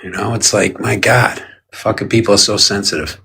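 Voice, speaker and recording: Blunt Rhode Island-accented man, forceful. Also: on the low side, steady tone, normal speed, creaky, a little hiss or hum. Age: adult with a young daughter. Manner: blunt, profane, combative. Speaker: debate livestream guest. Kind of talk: casual heated chat.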